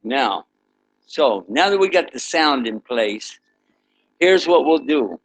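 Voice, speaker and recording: A man's voice: mid-range voice, slow pace, rough recording. A man preaching to students through an interactive story, leading them in sound effects and asking them questions. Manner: animated, leads the audience in sound effects; asks the audience questions. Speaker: Islamic preacher teaching students.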